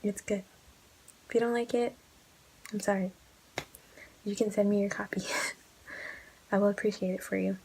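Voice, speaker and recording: A woman's voice: medium pitch, fairly even intonation, moderate pace, long pauses, dark tone, a little hiss or hum, poor audio. A young woman gushing about a book in a casual vlog, emotional and casually swearing, often dropping into whispers. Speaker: book vlogger.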